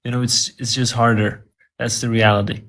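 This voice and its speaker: A man's voice: medium pitch, little pitch movement, moderate pace, fairly bright tone. A man answering interview questions about learning English, earnest and repeating words as he thinks.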